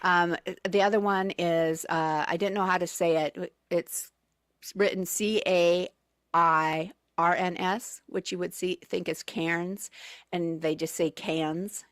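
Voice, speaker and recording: A woman's voice: fairly low pitch, steady tone, measured pace, no room sound, studio quality. A woman telling travel stories as a guest on a radio show, chatty and full of fillers and restarts. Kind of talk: casual radio chat. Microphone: studio microphone.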